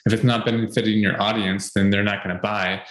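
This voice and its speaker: Male podcast co-host, lowish voice, earnest and rambling, echoey room. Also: level tone, fairly quick, a bit bright. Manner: earnest, repeats points with fillers. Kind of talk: casual advice chat.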